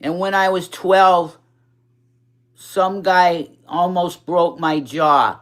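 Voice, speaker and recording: A drag performer in their forties with a New York accent rambles on a casual livestream. Their speech has a slight impediment, slips now and then into a childlike lilt, and stays slow and unhurried. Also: medium pitch, steady tone. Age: 40s. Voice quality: mild speech impediment, sometimes childlike, baby-girl-like voice. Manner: rambling, profane, candid livestream chatter.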